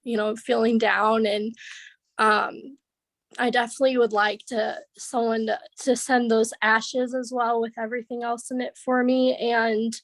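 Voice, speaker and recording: A young woman sharing halting, tearful memories of her godmother on a video call. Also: on the high side, little pitch movement, no room sound. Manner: halting, many fillers, tearful. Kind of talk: emotional memorial tribute.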